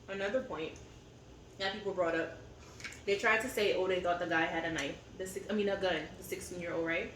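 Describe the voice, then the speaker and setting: Speaking at a medium, slightly bright pitch, this family eating channel co-host vents over a meal in candid, unpolished talk full of fillers. She sits back from the camera in a roomy, echoey space with a faint hum of ambience behind her.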